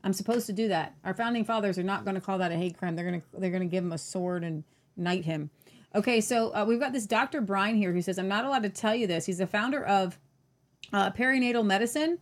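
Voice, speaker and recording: A woman's voice: mid-range voice, quick pace. A woman co-hosting a news talk show, giving blunt and sarcastic commentary. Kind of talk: casual political commentary.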